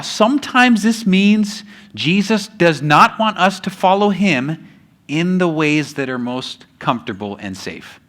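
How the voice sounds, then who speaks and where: Bright-voiced male pastor preaching. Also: a little high. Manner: storytelling, slows down for emphasis; casual asides with fillers. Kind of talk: sermon.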